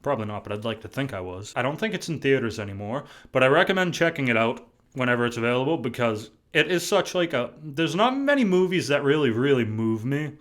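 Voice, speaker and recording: A man's voice: medium pitch, lively intonation, quick pace, few pauses. A young man from New England talking casually to camera in a vlog, chatty and full of restarts, swearing now and then. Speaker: vlogger.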